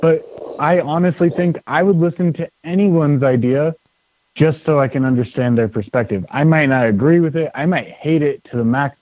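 A man's voice: on the high side, moderate pace, no room sound. A man in a casual podcast conversation, talking in an opinionated, conversational way. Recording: dry tinny phone-like sound.

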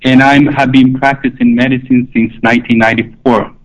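A man's voice: mid-range voice, flat delivery, fairly quick, poor audio. A man speaking as a pediatric cardiologist on the phone, hesitant with many fillers. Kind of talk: phone interview.

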